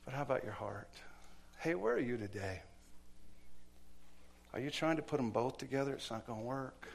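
A man gives a church sermon in an expressive, mid-range voice with some vocal fry, keeping a normal speed. He tells stories, performs the quoted lines, and alternates between loud and soft passages.

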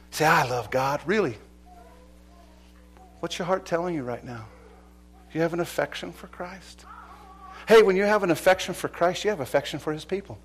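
Impassioned male preacher, swelling and dropping. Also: a little high. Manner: impassioned, swinging between loud exclamations and quiet drops. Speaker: pastor. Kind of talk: sermon.

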